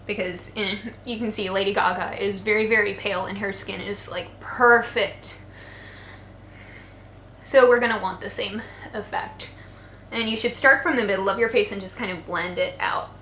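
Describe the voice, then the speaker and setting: Bright-voiced young woman doing a makeup tutorial. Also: medium pitch, steady tone, moderate pace. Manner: chatty and playful, with joking asides. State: tired from poor sleep. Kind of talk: casual makeup tutorial narration. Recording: roomy echo, faint background noise. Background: faint voices of people outside.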